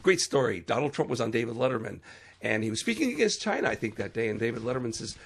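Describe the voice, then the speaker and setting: A man speaks his mind on his own podcast, earnest and preachy, his voice jumping up now and then to stress a point. The tone has a gravelly fry to it and a husky edge. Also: mid-range voice, sing-song, quick pace. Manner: earnest and preachy, with sudden emphatic rises and trailing fillers. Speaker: podcast host. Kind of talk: solo opinion podcast monologue.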